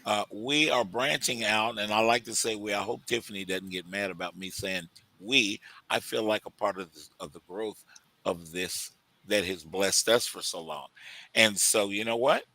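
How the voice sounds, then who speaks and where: A man's voice: fairly low pitch, moderate pace, bright, forceful tone, poor audio. A man with a Texas accent hosting a radio talk show, rambling enthusiastically and calling listeners "guys". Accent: Texan.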